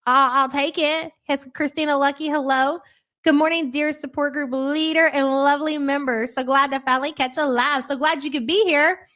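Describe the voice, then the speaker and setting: A woman's voice: high-pitched, fairly even intonation, normal speed, a bit bright. A middle-aged woman hosting a live reaction stream, reading chat messages aloud in a sarcastic, mocking way. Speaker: reaction livestream host.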